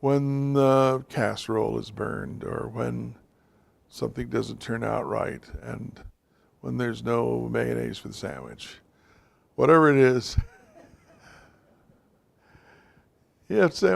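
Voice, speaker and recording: A man's voice: mid-range voice, slow pace, creaky, long pauses. A man giving an informal, direct talk to a class of men, speaking to them plainly as guys and fellas. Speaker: teacher of a men's class.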